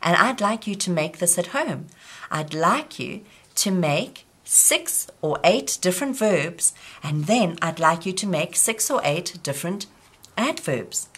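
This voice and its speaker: A woman teaching young children in a gentle, patient way, often asking them questions. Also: lowish voice, very animated, unhurried. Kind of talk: slow children's lesson.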